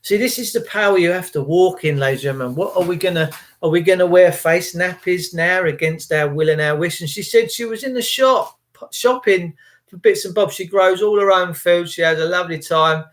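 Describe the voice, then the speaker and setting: A man's voice: high voice, fairly quick. A middle-aged man, telling stories in a casual rant and putting on voices for the people he quotes. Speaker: vlogger.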